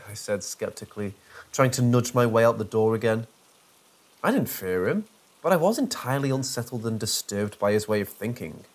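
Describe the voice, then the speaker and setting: A man's voice: on the low side, lively intonation, a little fast. A man narrating a first-person horror story in a dry, sarcastic way.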